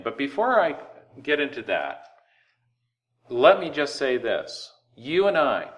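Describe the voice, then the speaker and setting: A man preaching a sermon, lively and conversational, drawing words out for emphasis and acting out everyday voices. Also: mid-range voice. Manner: animated preaching, slows words for emphasis and acts out quoted voices. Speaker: pastor.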